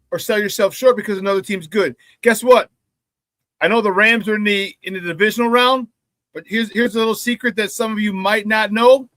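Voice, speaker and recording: A man hosting a casual sports talk show, animated, laughing easily and greeting viewers by name. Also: high-pitched, no echo, clean studio sound.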